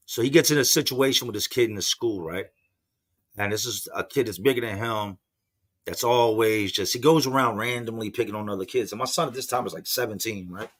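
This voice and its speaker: His voice is on the low side and a bit bright, moving a little fast. This podcast host, a man in his forties, rambles through a personal story in slangy, casual fashion, admitting he's only just woken up and isn't a morning person.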